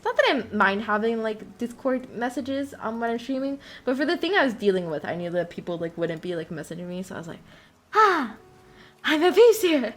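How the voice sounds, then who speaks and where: A young woman streamer in casual chat, rambling and giggling often as she talks. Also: mid-range voice.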